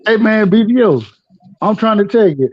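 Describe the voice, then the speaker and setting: A man's voice: high-pitched, lively intonation, moderate pace. A man, a regular guest on a live stream, giving advice in loose slang with frequent restarts. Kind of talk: casual live-stream chat. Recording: dull lo-fi audio.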